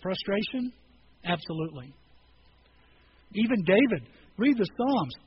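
A man preaching a sermon in a casual, animated way, acting out scripture scenes in quoted voices. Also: high voice, measured pace, breathy edge. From rural farm upbringing. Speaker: pastor. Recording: slightly dull recording with faint noise.

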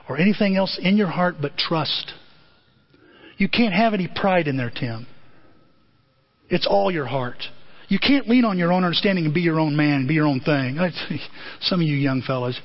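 A husky-voiced male pastor delivers a sermon as a lively storyteller, acting out scenes as he goes. His voice sits high and swings widely in pitch. The recording sounds muffled and lo-fi. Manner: animated storyteller, acts out scenes.

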